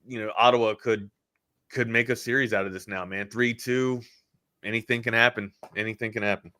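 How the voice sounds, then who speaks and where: A man's voice: lowish voice, steady tone, fairly quick, sharp tone, no echo. A man co-hosting a live sports talk stream, talking loosely with plenty of filler words. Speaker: sports talk show co-host.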